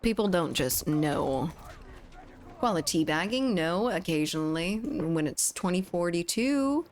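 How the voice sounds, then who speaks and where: With a lowish, expressive voice and an unhurried pace, a young woman from the United States chats on her gaming livestream. She giggles a lot and reads the chat aloud, recording at home on a studio condenser mic.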